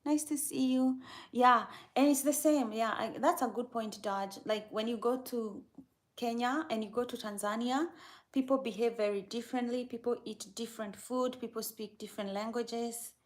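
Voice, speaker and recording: A woman's voice: on the high side, normal speed. A young woman hosting a casual livestream, chatting easily with her viewers and laughing often. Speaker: livestream host.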